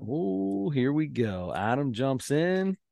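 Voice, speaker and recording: A man's voice: fairly high pitch, takes it slowly, gravelly, no room sound, studio quality. A man with a Midwestern American accent, co-hosting a casual podcast and telling stories with playful ribbing. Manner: animated storyteller, playful ribbing. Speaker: podcast co-host. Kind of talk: casual chat.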